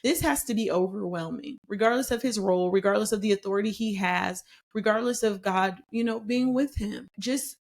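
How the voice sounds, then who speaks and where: Woman, Bible study podcast host, conversational and emphatic, steady mid-range voice. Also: medium pitch. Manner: conversational, emphatic, with slow deliberate scripture reading. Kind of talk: casual Bible study teaching.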